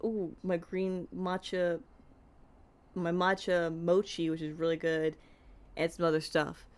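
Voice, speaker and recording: A woman's voice: fairly low pitch, monotone, unhurried, a little mellow. A woman casually chatting while streaming a game from her home setup, close on a desk microphone. Her talk is loose and self-deprecating, with asides to her cat. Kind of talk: casual let's-play chat.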